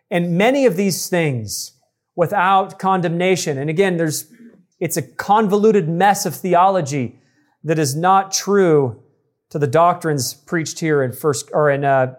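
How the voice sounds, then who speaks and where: A man preaching an expository sermon, teaching emphatically and addressing the congregation directly. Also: high-pitched. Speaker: pastor.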